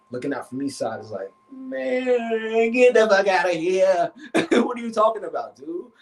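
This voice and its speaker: Animated man telling a personal story. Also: fairly high pitch. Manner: animated, slangy and profane, acts out his inner voices. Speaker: therapist and relationship coach. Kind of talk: casual live-stream storytelling.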